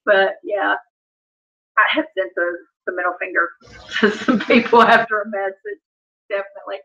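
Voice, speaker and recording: A woman's voice: mid-range voice, fairly even intonation, moderate pace, a bit bright. A middle-aged woman, telling stories to her livestream viewers in a casual chat and laughing often. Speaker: livestream host. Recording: slightly dull lo-fi audio.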